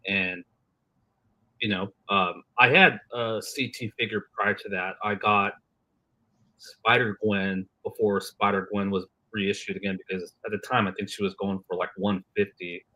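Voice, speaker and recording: A man co-hosting a casual livestream chat, talking in a relaxed, rambling way with lots of fillers. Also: fairly low pitch, measured pace. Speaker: co-host.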